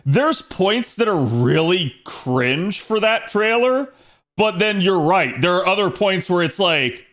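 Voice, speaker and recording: Chatty male game streamer, bit high. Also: animated, slow, fairly bright tone. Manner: chatty, laughs often, talks to chat while playing. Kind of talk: casual gaming stream chat.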